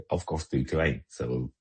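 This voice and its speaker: A man's voice: rumbling low, slow pace, a little mellow, slightly rough. A man from Slovakia with a Slovak accent speaking English, talking emphatically and repeating words as he searches for them in an online audio discussion. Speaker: guest commentator.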